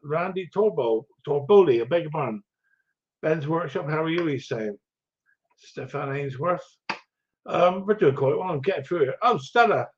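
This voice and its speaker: A rambling, good-humoured middle-aged man, greeting viewers one by one with plenty of ums and restarts. His voice sits a touch high for a man. The stream audio is dull and lo-fi. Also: expressive, moderate pace. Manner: chatty, rambling, chuckling, many ums and restarts. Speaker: livestream host. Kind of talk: casual live chat reading viewer comments.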